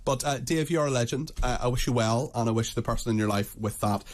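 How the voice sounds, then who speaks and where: A fast-talking man hosts a live radio chat show, trading light jokes with his guests. He answers others with quick yeahs and absolutelys and keeps things moving. His voice sits in a middling range. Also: medium pitch. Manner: brisk and jokey, many quick agreements. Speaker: radio host.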